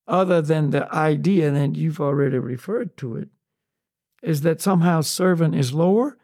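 A man in an unscripted spiritual discussion, talking slowly and searchingly with many restarts and "you know"s. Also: fairly high pitch, gravelly, a little mellow, dry recording, clean studio sound. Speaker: podcast co-host on spiritual topics.

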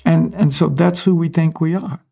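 A man from the United States, a spiritual teacher, explaining ideas in a relaxed, casual conversational way with small chuckles. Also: on the high side, moderate pace, gravelly, breathy edge.

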